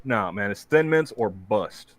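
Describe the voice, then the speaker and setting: A man's voice: on the low side, lively intonation, unhurried. A man in casual podcast banter, joking and profane, often restarting his words.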